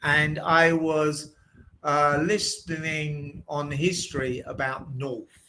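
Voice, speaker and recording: Slow-talking southern English man. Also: a little high, level tone, pushed and bright, slight background noise, poor audio. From southeast England. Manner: slow, plain, deliberate speech. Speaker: English tutor. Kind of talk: online English lesson chat. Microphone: video call.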